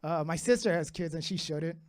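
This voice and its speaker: A brash man in his thirties working a stand-up comedy set, his voice sitting high for a man. He talks with a loose, profane swagger and throws lines straight at the crowd. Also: brisk. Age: 30s. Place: comedy club stage with live audience.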